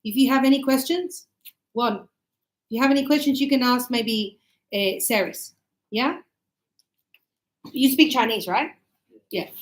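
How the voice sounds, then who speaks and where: Aussie lady teacher, fairly high voice, chatty, keeps asking the class if they're following. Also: unhurried, pauses often, rough recording. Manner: chatty, checks in with students often. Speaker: English teacher. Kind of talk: classroom grammar lesson.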